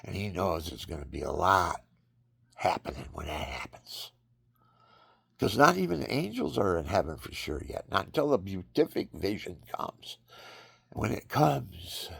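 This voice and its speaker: Gravelly deep-voiced man preaching rambling. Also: dry recording, studio quality. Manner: rambling, preachy, acts out scenes with sudden high cries. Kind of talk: rambling religious monologue.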